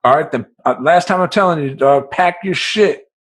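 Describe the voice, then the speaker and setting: A man voicing a brusque male jail guard who shouts impatient orders. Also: high voice, normal speed, slightly rough, voice pushed up. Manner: loud, impatient commands.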